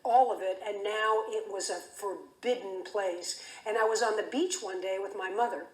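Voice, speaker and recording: A woman's voice: medium pitch, normal speed. A woman giving a keynote speech, telling a story in a vivid, dramatic way. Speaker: keynote speaker. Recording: echoey hall.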